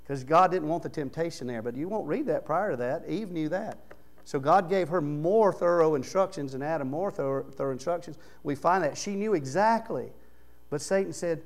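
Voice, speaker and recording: A man preaching a sermon in church, talking conversationally and swinging from quiet low murmurs to loud, raised emphasis. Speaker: pastor. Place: church sanctuary.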